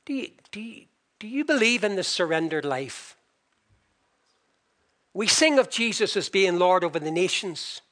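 An older man preaching a sermon with passion, slowing for emphasis and swinging between loud and soft. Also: sits high, lively intonation.

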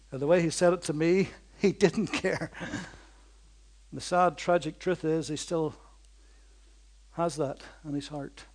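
High-voiced preacher with dramatic swings. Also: male voice, steady tone. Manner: dynamic preaching, swinging from loud outbursts to slow hushed lines; repetitive, rhythmic emphasis. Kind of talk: sermon.

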